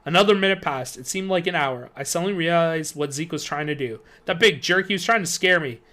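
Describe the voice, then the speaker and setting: Guy reading a spooky kids book on stream, bright tone, kinda high voice. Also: brisk. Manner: expressive storytelling. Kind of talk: reading a children's horror novel aloud.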